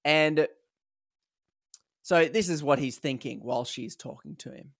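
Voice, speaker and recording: A man's voice: a little high, unhurried, gravelly, a bit bright, dry recording, clean studio sound. A man retelling a story on a podcast, acting out the quoted lines, with lots of fillers. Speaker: podcast co-host telling a story. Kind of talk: casual storytelling chat.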